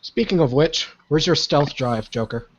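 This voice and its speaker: A man's voice: on the high side, normal speed. Stammering man with a raised voice. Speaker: player. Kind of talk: in-character tabletop play. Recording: dull lo-fi mic with faint hiss.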